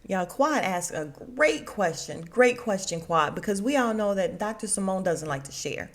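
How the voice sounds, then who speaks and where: A woman's voice: medium pitch, expressive, moderate pace. A woman hosting a podcast, casually recapping a TV reunion, chatty and laughing often. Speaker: podcast host.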